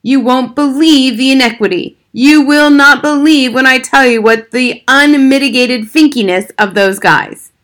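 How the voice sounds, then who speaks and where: A woman's voice: medium pitch, normal speed, lightly acted. A woman doing a furious ranting father. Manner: shouting, sputtering. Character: angry middle-aged father ranting loudly.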